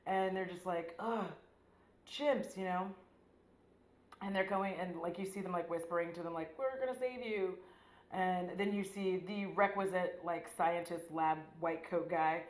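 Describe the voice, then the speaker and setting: A woman's voice: lowish voice, flat delivery, moderate pace. Chatty woman vlogger in an echoey room. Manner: chatty, profane, jokey, acts out scenes. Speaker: beauty vlogger. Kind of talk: casual chat recapping a movie. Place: room at home.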